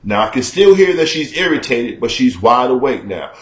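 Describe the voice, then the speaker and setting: A man's voice: medium pitch, sing-song, normal speed, echoey room. A man telling a personal story to his viewers as a profane, conversational rant, often checking in with the listener. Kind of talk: casual storytelling rant to camera.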